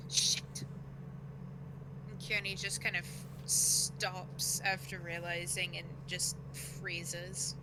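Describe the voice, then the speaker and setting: A woman playing a tabletop game, speaking in a playful, animated way. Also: fairly low pitch, drawn-out words, very noisy. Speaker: player. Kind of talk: tabletop role-play.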